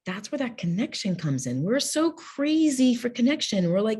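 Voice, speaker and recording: A woman's voice: a little high, big pitch swings, moderate pace, hardly any pauses, a little mellow, breathy edge. A woman guest on an interview podcast, speaking candidly, laughing often and acting out what people say. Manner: candid, laughs often, acts out quoted speech. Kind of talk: conversational interview.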